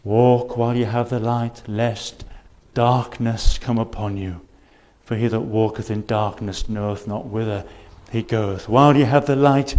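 A man of medium pitch with a darkish tone gives a sermon in church. He appeals to listeners earnestly and urgently, repeating rhetorical questions and reciting scripture in dated wording.

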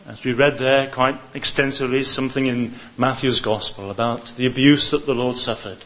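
A man's voice: mid-range voice, fairly bright tone. Earnest male preacher, muffled recording. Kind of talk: sermon.

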